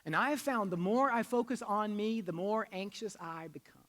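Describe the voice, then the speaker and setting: Speaking at a moderate pace in a high voice, a male pastor delivers a sermon in a conversational way. He moves between forceful emphasis and soft asides and leads call-and-response, with long hall reverb on the recording.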